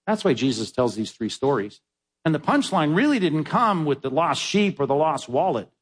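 A man preaching a sermon as pastor, stressing words with sudden high, loud bursts and dropping to low, quiet asides. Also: big pitch swings, moderate pace, breathy edge.

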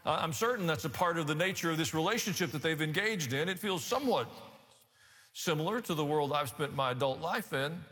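Forceful preacher in a reverberant hall. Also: male voice, a little high, fairly quick. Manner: animated, emphatic storytelling with rhetorical asides. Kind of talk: sermon.

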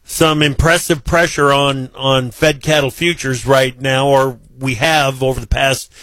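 A male host interviewing a guest, brisk and friendly, with joking asides. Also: medium pitch, fairly even intonation, fairly bright tone. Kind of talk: casual interview hosting.

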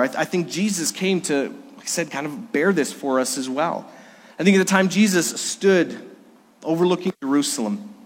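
A man's voice: a little high, in a large hall. A middle-aged man, a pastor, preaching a sermon at a Sunday worship service, telling stories and acting out quotes with rising and falling emphasis. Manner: storytelling with voiced quotes, rising and dropping emphasis. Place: church sanctuary during a worship service.

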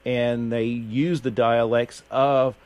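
A man's voice: medium pitch, level tone, a little mellow, smooth, highs cut off. Folksy mountain man on radio. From Appalachian Kentucky. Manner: unhurried, folksy, many fillers and restarts. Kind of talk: casual radio chat.

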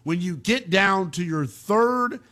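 A man hosting a call-in sports radio show, ranting in a slangy, animated way. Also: sits high, slow.

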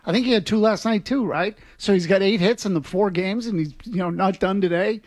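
A male sports radio co-host with a high voice, chatting in a playful, self-mocking way. His voice sits close and dry on the studio mic. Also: a little fast, dry recording. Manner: playful, laughs at himself.

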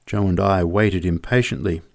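A man reading a humorous memoir story aloud in a vivid, measured way. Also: low-pitched, steady tone, gravelly.

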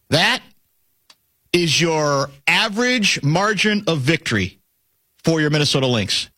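Hosting a sports talk show, a middle-aged man teases his co-host and tells animated, chatty stories, his high, bright, ringing voice swooping in pitch. He speaks a little slowly and pauses often, and the recording is dry and close with no room sound.

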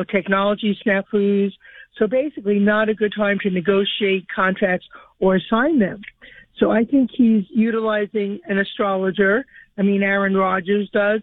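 A woman's voice: medium pitch, no echo. Female radio caller on the phone, earnest, wordy, tinny line. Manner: earnest, detailed, with fillers. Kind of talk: phone-in call. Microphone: telephone.

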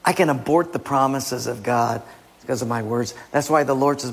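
A male pastor preaches a sermon in a large church hall, animated and playful, quizzing his listeners. His voice is gravelly and husky, pitched slightly high. Long reverb trails every phrase. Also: moderate pace.

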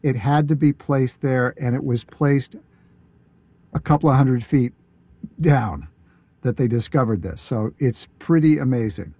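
A man talking casually as a guest on a radio show, enthusiastic but halting, with many fillers and restarts. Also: medium pitch, warm tone, dry recording.

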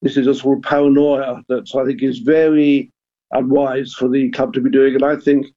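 Older man, mellow husky voice on a dull line. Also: medium pitch, level tone, moderate pace. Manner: hesitant, repeats words, earnest. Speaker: guest, former football club chairman. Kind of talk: radio discussion.

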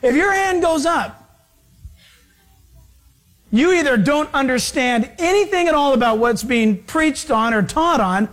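A man's voice: very high voice, fairly bright tone. Emphatic male pastor preaching. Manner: emphatic preaching, repeats key phrases; direct address to listeners. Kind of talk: sermon.

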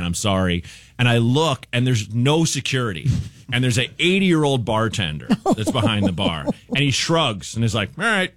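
Animated storytelling man, lively pitch. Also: dry recording, studio quality. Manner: rambling, animated, acts out voices and laughs while telling stories. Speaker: comedian guest. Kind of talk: casual storytelling on a radio show.

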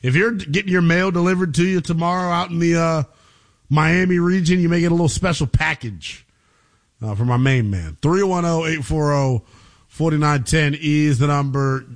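A man's voice: fairly high pitch, normal speed. A man hosting a late-night sports radio call-in show, teasing callers and using slang.

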